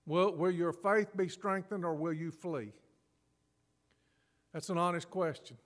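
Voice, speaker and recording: A man preaching a sermon as pastor, animated and acting out scripture scenes with laughs. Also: high voice, unhurried, in a large hall.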